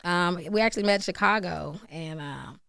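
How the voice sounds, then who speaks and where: A woman in her late thirties, a comedian guest chatting on a radio show, loud and laughing, swearing freely. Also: fairly low pitch, moderate pace, gravelly, smooth, no echo, studio quality. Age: 30s. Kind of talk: casual radio interview chat.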